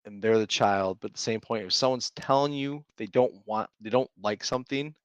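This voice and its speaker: Animated storytelling dad, dry close sound. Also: male voice, on the low side, a little fast, dry recording. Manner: animated storyteller, acts out his kids' lines. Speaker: podcast co-host. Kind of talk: casual chat.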